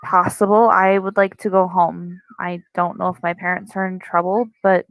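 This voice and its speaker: A woman's voice: on the low side, level tone, moderate pace, creaky, dry recording, rough recording. A woman playing her character in a tabletop game, teasing and playful. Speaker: player. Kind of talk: tabletop role-play.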